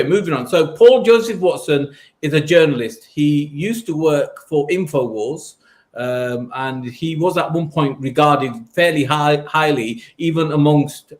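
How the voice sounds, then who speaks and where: A man's voice: fairly high pitch, normal speed. A man hosting a casual podcast, rambling with frequent ums and wry asides. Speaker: podcast host.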